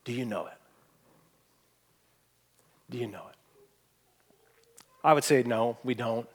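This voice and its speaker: A man preaching a sermon, earnest, pressing points hard and then dropping to a hushed voice. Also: mid-range voice, takes it slowly, breathy edge. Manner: earnest, swings from emphatic to hushed. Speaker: pastor.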